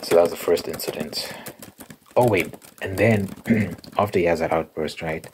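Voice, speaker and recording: A young man telling a story in a soft-spoken ASMR style, casual and rambling with fillers. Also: low voice, normal speed, background noise. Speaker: ASMR creator. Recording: keyboard clicking and typing sounds behind.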